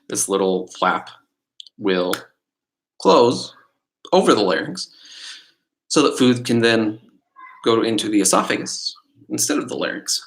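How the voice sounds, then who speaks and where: On a rough live-stream recording through a computer mic, a middle-aged test prep instructor speaks in a lowish, slightly bright voice with vocal fry. His quiz lesson is casual and rambling, and he peppers viewers with questions.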